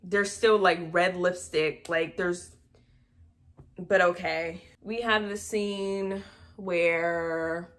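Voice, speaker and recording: A woman's voice: on the low side, fairly bright tone. A young woman casually recapping a movie for her channel, full of sarcastic, laughing asides. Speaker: movie review vlogger.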